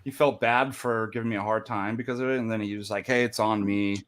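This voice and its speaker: A man's voice: on the low side, fairly even intonation, fast, fairly bright tone. A man telling jokes and stories in casual group chat. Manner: storytelling, jokey.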